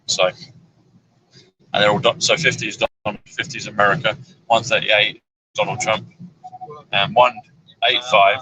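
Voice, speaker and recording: A man's voice: on the low side, level tone, normal speed, long pauses, background noise. A man chatting casually in a moving car, rambling through numbers with plenty of fillers. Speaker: numerology guest. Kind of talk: casual chat on a road trip. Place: inside a moving car on a road trip.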